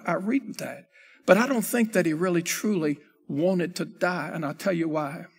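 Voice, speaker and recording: High-voiced preaching pastor, man. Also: normal speed, gravelly, breathy edge, in a large hall. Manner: preaching with rising shouts and sung phrases. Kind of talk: sermon. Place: church sanctuary.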